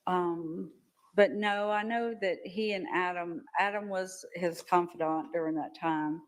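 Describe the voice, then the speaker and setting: An older woman testifying as a witness in a courtroom. She talks haltingly and often repeats words as she recalls events. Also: lowish voice, steady tone, poor audio. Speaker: trial witness.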